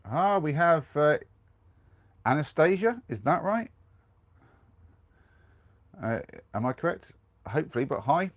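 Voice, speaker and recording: A man's voice: on the high side, animated, unhurried, pauses often, no room sound. A young man with a cold, chatting casually on a live stream from inside his camper van, rambling along and reading out viewer comments. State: has a cold.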